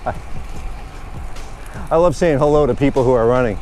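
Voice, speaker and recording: A man's voice: mid-range voice, moderate pace, dark tone, slight background noise. A man chatting casually and rambling good-humoredly while riding his bike outdoors. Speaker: vlogger. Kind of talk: casual narration while cycling.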